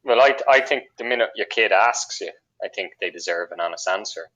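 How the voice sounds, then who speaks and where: Low-voiced man with dull lo-fi sound. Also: a little fast, a bit bright. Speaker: podcast co-host. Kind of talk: casual chat. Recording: dull lo-fi audio.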